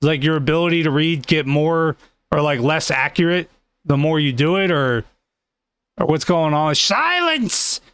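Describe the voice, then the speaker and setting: A man's voice: fairly high pitch, steady tone, normal speed, clean tone, no echo. Rambling young male talk show host. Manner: rambling, interrupting, lots of fillers. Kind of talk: casual comedic chat.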